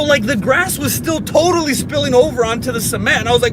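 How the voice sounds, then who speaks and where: A man's voice: very high-pitched, fast talker. A man in his thirties telling a story in a casual vlog from his car, dramatic and self-mocking. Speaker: vlogger. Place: inside a car. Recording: car and street noise.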